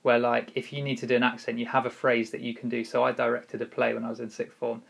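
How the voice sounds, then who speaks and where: A man's voice: medium pitch, completely flat delivery, fast talker, creaky, fairly bright tone, breathy edge. A man leading a youth group session, chatting casually and joking about himself. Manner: jokey, self-deprecating, chatty. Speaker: youth leader. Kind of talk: casual chat.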